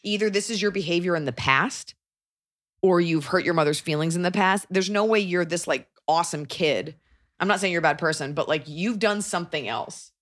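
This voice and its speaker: Woman comedian co-host, slightly low voice, blunt and opinionated in casual talk. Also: a little fast, fairly bright tone. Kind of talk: casual chat.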